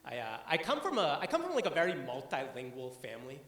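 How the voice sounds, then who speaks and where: A man's voice: medium pitch, wildly swooping pitch, fast talker, a bit bright, reverberant. A young man from the Boston area performing a stand-up comedy set, talking conversationally with lots of "uh" fillers. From Boston area, USA. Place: comedy club stage before an audience.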